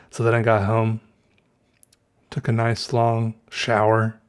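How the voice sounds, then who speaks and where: A man's voice: lowish voice, completely flat delivery, slow pace, smooth. A man with a Southern American accent hosting a solo podcast, rambling and musing aloud, often correcting himself and chuckling. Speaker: podcast host. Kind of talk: casual solo podcast monologue.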